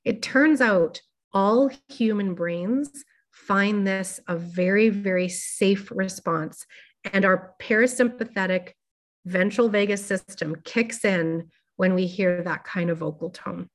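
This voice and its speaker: Woman presenter with a mid-range voice, informal teaching, measured and careful, filler words. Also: mid-range voice. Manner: careful, gently paced explaining with frequent fillers. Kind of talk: informal explanatory talk.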